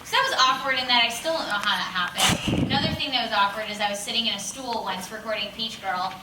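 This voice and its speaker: A woman voice actor tells a funny anecdote in a bubbly, self-mocking way, often acting out the voices of the people in it. Her voice sits a little high. She sounds far from the mic in an echoey room, with noticeable background noise. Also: fast talker. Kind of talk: casual anecdote telling. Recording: roomy, distant mic with clear room noise.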